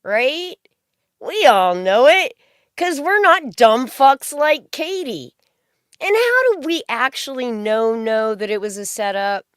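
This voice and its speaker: Woman streamer, scornful profane rant, unhurried delivery, smooth clear voice, dry sound. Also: fairly high pitch, lively intonation, dry recording. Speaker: commentary streamer host. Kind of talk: ranting stream commentary.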